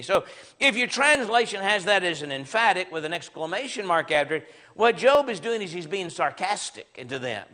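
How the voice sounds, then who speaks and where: Leading a Bible class, a preacher with a Southern American accent speaks in a bright, sharp voice that sits high for a man and swings up and down. He is very animated and emphatic yet conversational at a normal speed, driving his points home and acting out sarcastic quotes.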